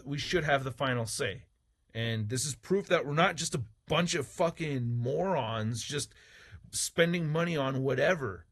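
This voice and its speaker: Husky male toy reviewer, raised-pitch tone, angry profane vlog rant. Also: fairly bright tone. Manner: heated, profane, combative; mocking, sarcastic asides. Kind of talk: ranting opinion vlog.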